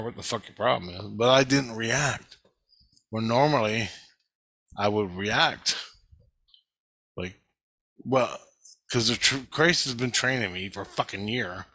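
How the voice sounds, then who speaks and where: A man's voice: medium pitch, bright, forceful tone, no echo. A man telling a long story about his dreams, rambling and swearing, acting out what people said. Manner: rambling, swears a lot, acts out quoted lines. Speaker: vlogger recounting dreams. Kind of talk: rambling monologue.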